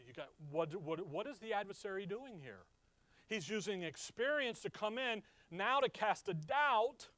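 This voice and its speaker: Man, high voice, conversational and emphatic Bible teaching, dry close sound. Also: dry recording. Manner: conversational, asks the listeners questions; emphatic, swings from loud to quiet. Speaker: preacher.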